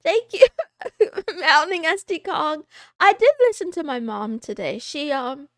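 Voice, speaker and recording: A playful, giggly woman talks with her viewers on a casual livestream, meowing now and then in a cat persona. Her voice sits high and swoops up and down a lot, and she takes her time over the words. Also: very animated, a little slow, fairly bright tone, no room sound, studio quality. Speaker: VTuber streamer. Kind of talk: casual livestream chat, reading out viewer names.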